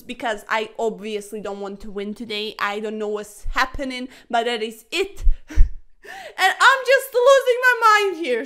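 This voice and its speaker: A young woman narrates her own chess games to camera in a high, bright voice. She talks straight at her opponent, loud and exasperated one moment and muttering in defeat the next. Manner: talks to her opponent, calling him sir, swings from yelling to muttering; loud and exasperated, then low and deflated. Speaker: chess streamer. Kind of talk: frustrated chess commentary to camera.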